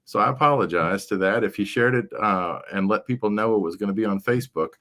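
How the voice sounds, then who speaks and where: A man's voice: lowish voice, fast talker, fairly bright tone. A man hosting a casual livestream chat, rambling along with frequent fillers. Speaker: livestream show host.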